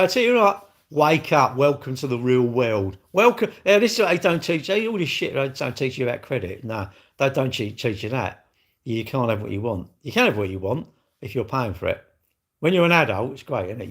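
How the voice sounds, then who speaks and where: Bloke, live-stream host, blunt and rambling, cheeky asides to chat. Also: male voice, medium pitch.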